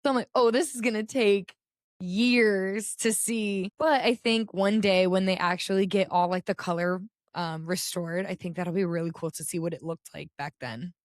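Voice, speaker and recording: A woman's voice: fairly low pitch, brisk, dry recording, clean studio sound. A young American woman co-hosting a podcast, chatting casually with lots of filler words. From United States. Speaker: podcast co-host. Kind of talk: casual chat.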